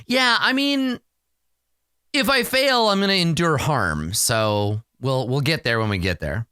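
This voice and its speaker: Man, solo tabletop game narration, relaxed and rambling, bright, crisp voice. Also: on the high side, unhurried, dry recording, studio quality. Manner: relaxed, rambling, self-amused.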